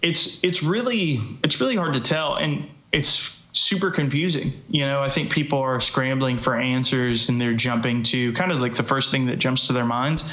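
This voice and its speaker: A man's voice: medium pitch, normal speed, hardly any pauses, sharp tone. A man co-hosting a casual live-stream chat, talking in loose, rambling runs full of "you know" and restarts. His voice sits in a middle register. It comes through a roomy, echoey space with a slightly dull, muffled sound. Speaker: MMA show co-host.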